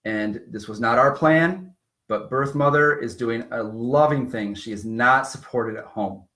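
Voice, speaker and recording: A man who is a pastor, speaking earnestly and candidly to camera, sometimes choking up and softening it with self-deprecating humor. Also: medium pitch, a little slow. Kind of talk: emotional personal appeal to camera.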